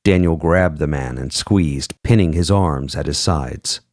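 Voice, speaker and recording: Deep-voiced man narrating an audiobook. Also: no room sound, clean studio sound. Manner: measured and expressive, voicing every character.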